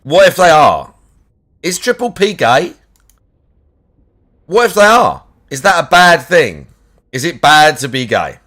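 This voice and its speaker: A man's voice: a little high, sing-song, a little slow, long pauses, a bit bright. A man chatting casually on a live stream, crude and sweary, teasing his cat and ranting between plays.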